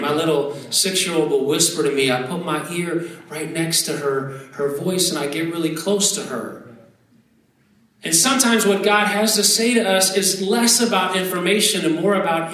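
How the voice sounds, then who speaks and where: A male pastor in his thirties preaches in a conversational, animated way, throwing in asides and doubling words as he goes. His voice sits a bit high and comes from a distance across a very echoey sanctuary, with a faint hum of room ambience behind him. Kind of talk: sermon with prayer. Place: church sanctuary.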